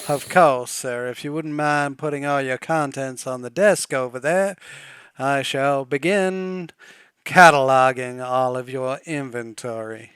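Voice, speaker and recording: A prim, endlessly apologetic valet with formal butler diction, put on by a man. The voice is smooth and pitched slightly high, and it moves slowly through each careful phrase. The recording is dry and close. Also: fairly even intonation, fairly bright tone, dry recording, lightly acted.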